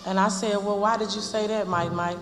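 A woman's voice: medium pitch, steady tone, brisk, heavy background noise. Woman recalling her son in an echoey hall. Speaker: mother recounting memories. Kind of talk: personal testimony.

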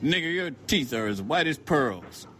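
A man's voice: on the high side, very animated, normal speed, fairly bright tone, slight background noise, voice pushed up. A man voicing a sneering, bullying hard-hat worker. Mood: hostile. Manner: sneering, threatening taunts. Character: hostile hard-hatted male worker, bullying and contemptuous.

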